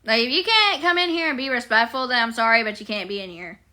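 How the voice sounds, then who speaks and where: High bright giggly woman streamer. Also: expressive, fast. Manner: playful and giggly, chatting with viewers. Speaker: live streamer. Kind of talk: casual live-stream chat.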